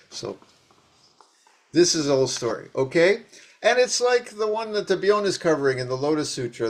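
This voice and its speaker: A man giving a dharma talk as a Zen teacher, telling old stories in an animated, rambling way with many restarts. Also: on the high side.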